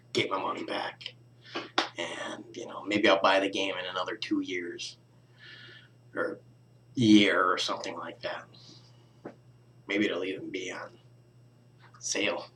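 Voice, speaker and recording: Slow, low-voiced mumbling young man. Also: a bit bright, slight background noise. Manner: mumbling, trailing off into near-whispers, sighs and laughs. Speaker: vlogger. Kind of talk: casual rambling vlog.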